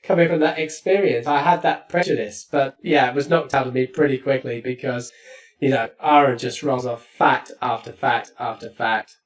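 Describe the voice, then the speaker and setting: Chatty host heard from off-mic. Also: male voice, mid-range voice, fairly even intonation, moderate pace. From East London, England. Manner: chatty, storytelling, frequent restarts. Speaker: podcast host. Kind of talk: casual interview chat. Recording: distant from the mic.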